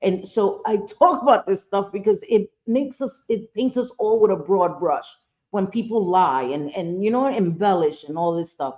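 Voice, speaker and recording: This woman's voice sits in the mid-range, slightly mellow and expressive, at a moderate pace. On her live stream she talks straight to chat, blunt and heated, swearing often, captured in dull lo-fi sound.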